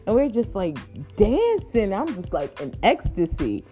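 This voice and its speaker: A woman spins a funny personal story in a casual, laughing way. Her voice is mellow, and her pitch jumps around with lively swings. Soft music plays faintly in the background. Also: unhurried. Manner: playful, laughing, chatty, addresses listeners as y'all and honey.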